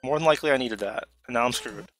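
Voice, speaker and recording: A man giving live commentary while playing a video game, excitable, talking to himself and letting out sudden yelps. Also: mid-range voice, rapid-fire, over music.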